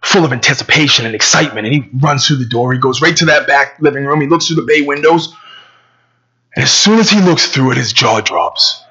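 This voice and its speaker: A man's voice: mid-range voice, lively intonation, a little fast, sharp tone, slightly rough, lo-fi sound. A man preaching a sermon, telling a story conversationally with stammering repeats, then praying.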